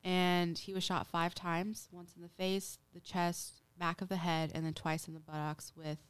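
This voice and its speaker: A woman's voice: fairly low pitch, level tone, normal speed, clear, resonant tone. A woman hosting a casual podcast, retelling a true-crime case in a chatty way with lots of "like" and acted-out quotes. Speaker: podcast host.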